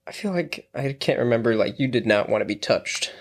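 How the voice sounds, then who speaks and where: A man, a new father, guesting on a podcast, relaxed and reflective. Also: mid-range voice, brisk. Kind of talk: casual conversation.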